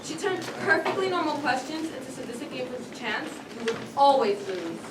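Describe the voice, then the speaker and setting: A woman's voice: sits high, very animated, brisk. A woman narrating a stage play in the second person with dramatic, wry storytelling. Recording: echoey stage, far mic, loud noise.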